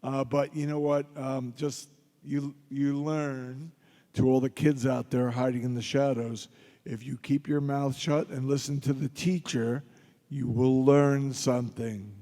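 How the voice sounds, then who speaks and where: Middle-aged man, convention panel guest, dark mellow tone, loose storytelling to a crowd, heard with long hall reverb. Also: mid-range voice, level tone, a little slow. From Philadelphia. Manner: gruff, joking anecdotes addressed to the crowd. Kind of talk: audience Q&A storytelling.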